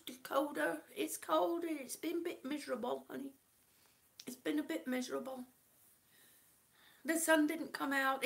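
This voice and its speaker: A woman's voice: high-pitched, gravelly, a bit bright. A woman from Kansas on oxygen, chatting casually to her live-stream viewers, short of breath and greeting them by name. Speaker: vlogger reading live chat.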